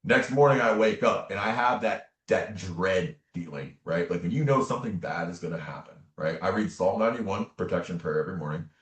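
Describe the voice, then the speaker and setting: A man with a very low voice tells a personal story as an interview guest. He talks earnestly and casually, often tossing in "man" and "right?". The recording sounds roomy, with a noticeable echo. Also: expressive, a little fast, hardly any pauses. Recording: echoey room.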